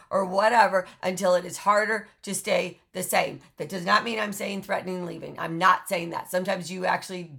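A woman's voice: medium pitch, vocal fry, a bit bright. A middle-aged woman coaching people in hard relationships, blunt and emphatic, swearing now and then. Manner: blunt, emphatic, swears, mocking sing-song asides. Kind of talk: direct-to-camera coaching talk.

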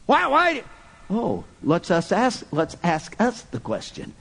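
A man preaching a sermon, driving his points home with rhetorical questions and swinging from loud emphatic bursts to quiet, hushed lines. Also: fairly high pitch, sing-song, unhurried, breathy edge.

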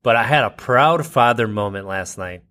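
Man telling a lively parenting story. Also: normal speed. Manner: animated storytelling, voices his kids in high pitch. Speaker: podcast co-host. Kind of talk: casual chat.

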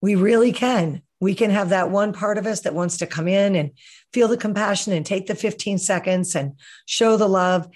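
A woman hosting a reflective podcast, talking in a calm, earnest way and gently coaching listeners. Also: medium pitch, normal speed. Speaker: podcast host. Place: outdoors, hears birds and breeze.

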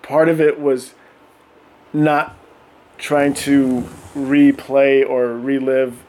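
A middle-aged man telling animated stories in casual podcast chat, often acting out voices and laughing. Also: mid-range voice, very slow. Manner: animated, acts out voices of his kids and himself, laughs often. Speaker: podcast guest.

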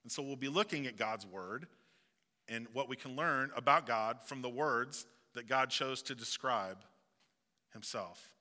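A man's voice: medium pitch, measured pace, bright, forceful tone. A male pastor with a Southeast Missouri accent, preaching a sermon in a conversational way with joking asides. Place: church sanctuary. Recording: long hall reverb.

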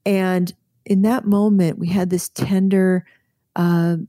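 A woman's voice: mid-range voice, little pitch movement, takes it slowly, warm tone, no echo, studio quality. A woman physician and author telling a personal story in an interview, earnest and vivid, often restarting her sentences.

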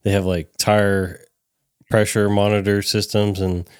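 A man hosting a laid-back podcast interview, his questions wandering and full of fillers. His voice sits on the low side. The sound is close and dry. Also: little pitch movement, a little slow, a little mellow, clear, resonant tone, no echo. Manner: rambling, filler-heavy questions. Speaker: podcast host.

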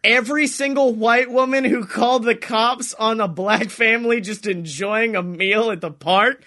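A young man with a high, bright, ringing voice riffs through a comedic podcast chat. He rambles and swears freely, dropping into little acted-out voices as he spins out a silly story. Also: fairly even intonation, normal speed. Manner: rambling, swears a lot, acts out voices in quotes. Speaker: podcast co-host.

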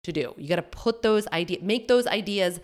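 A woman hosting a solo business podcast, chatty and animated, often acting out her own inner voice with fillers and laughs. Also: mid-range voice, a little fast. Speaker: podcast host and business coach.

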